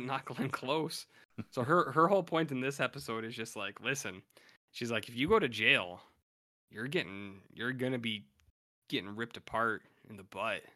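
A man's voice: fairly low pitch, bright, forceful tone. A man co-hosting a podcast, casually recapping a TV episode in a rambling way with lots of fillers and loose paraphrased quotes. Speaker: podcast co-host.

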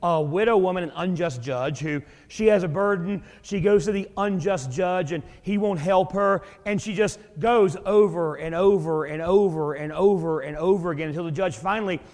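A man's voice: high-pitched, moderate pace, hardly any pauses, a little mellow, big-room sound. A man preaching a sermon in a folksy, joking, conversational way. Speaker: pastor.

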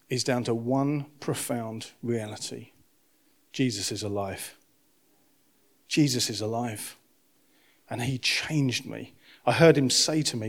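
A man, a pastor, preaching an impassioned sermon, rising to loud emphasis and dropping to hushed, quiet lines. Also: medium pitch.

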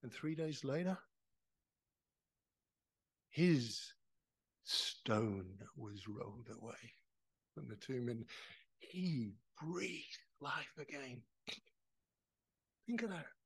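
A man preaching a sermon in church. He is impassioned, asks rhetorical questions and builds to loud, emphatic peaks. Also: medium pitch, expressive, drawn-out words, gravelly, long pauses, husky. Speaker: pastor.

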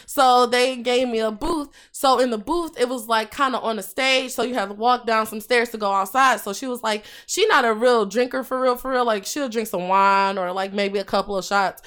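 A young woman chats casually on a podcast, laughing a lot as she tells animated stories. Her clean-toned voice is on the high side, moving at a moderate pace with hardly any pauses.

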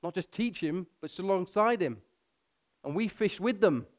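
A man with a fairly high voice preaching to his church. He climbs in pitch and volume to drive points home, then slows right down to read scripture aloud. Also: lively intonation. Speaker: pastor. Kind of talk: sermon.

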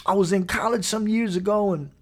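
A man's voice: high-pitched, steady tone, a little fast. A man preaching a podcast sermon while seated, emphatic and repeating his phrases, chuckling often. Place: seated indoors.

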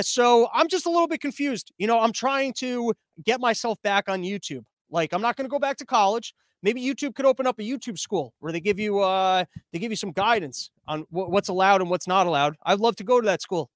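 Male host, comedic monologue, sarcastic and rambling, bright high voice, dry close recording. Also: dry recording. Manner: sarcastic, rambling, with frequent restarts. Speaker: show host.

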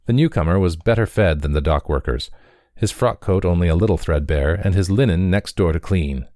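A man reading a story aloud in a measured, even storytelling manner. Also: deep voice, no room sound, clean studio sound. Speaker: reader. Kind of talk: audiobook narration.

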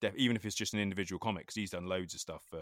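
A man's voice: low-pitched, fairly even intonation, rapid-fire, a bit bright, no room sound, studio quality. A man, chatting casually as a podcast co-host, swearing constantly and laughing often as he tells a story. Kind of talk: casual chat.

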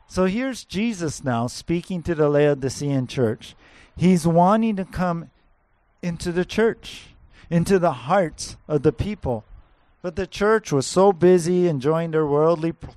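A man's voice: a little high, darkish tone, dry recording. A man preaching a sermon in an earnest, emphatic way, repeating key words for stress. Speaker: pastor.

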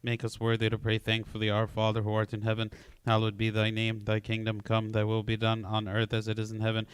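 A man recites liturgical prayers in a steady, flat monotone with almost no rise and fall. His voice is smooth and clean. The sound is dry and close, with no room around it. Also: fairly low pitch, a little fast, no echo. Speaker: prayer leader.

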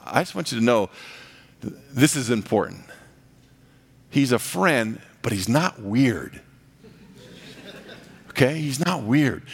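A man preaching a sermon as a pastor, moving between hushed, intimate asides and raised, impassioned passages. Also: mid-range voice.

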